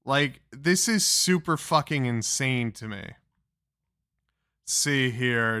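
Male commentator, bright slightly high voice, slow and mocking, swears a lot. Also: animated, no echo, clean studio sound. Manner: profane, mocking. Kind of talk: reaction commentary.

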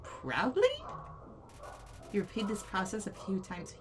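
A woman's voice: medium pitch, moderate pace, noisy background. A young woman playing a video game, reading on-screen text aloud between startled reactions. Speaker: let's play gamer. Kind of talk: let's play commentary. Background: game music.

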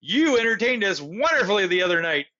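A hearty male president booms out his praise, as a man reading a storybook puts him on. The voice is raised, loud and lively. The recording is dull and lo-fi. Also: fairly quick, full character voice.

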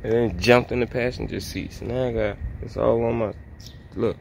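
A man's voice: medium pitch, fairly even intonation, moderate pace, gravelly, noisy background. A man vlogging in casual chat, joking and laughing often.

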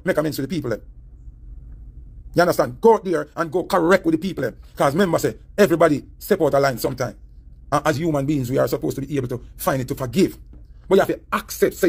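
A man's voice: on the high side, vocal fry, breathy edge. A man with a Jamaican accent giving heated, preachy commentary, repeating his points as he rants. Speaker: online commentator. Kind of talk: ranting commentary.

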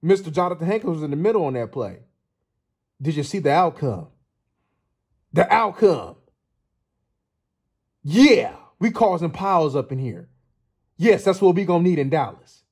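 A man hosting his own channel, giving an excited football film breakdown, laughing often and repeating his points for emphasis. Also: a little high, normal speed, pauses often, slightly rough. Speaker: sports channel host.

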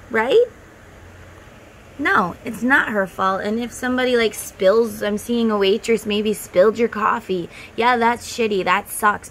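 A woman's voice: a little high, a bit bright, a little hiss or hum, low-quality recording. A woman in her thirties talking to her viewers in a heartfelt, rambling way, close to tears. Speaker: tarot content creator. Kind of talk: casual monologue to camera.

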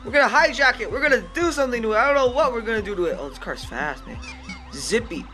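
A male gaming YouTuber giving excitable let's-play commentary, often shrieking and laughing at the game. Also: very high voice, fast. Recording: game music playing loudly behind. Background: game music and sirens.

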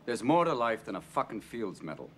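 A man's voice: mid-range voice, sing-song, a little fast, fairly bright tone. An actor playing a wry, blunt middle-aged male therapist who tells stories and swears casually, heard in a film clip. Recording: film clip with background noise.

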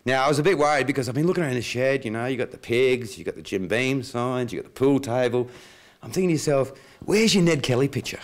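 A man's voice: mid-range voice, lively intonation, fast. An Australian man hosting a show, chatting in an enthusiastic, blokey way with guests. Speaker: host. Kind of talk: casual chat.

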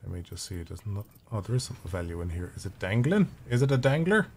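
A man's voice: lowish voice, very animated, fast, a little mellow, a little hiss or hum. A man streaming a video game, giving casual, profane and rambling commentary with jokes as he plays. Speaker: gaming streamer.

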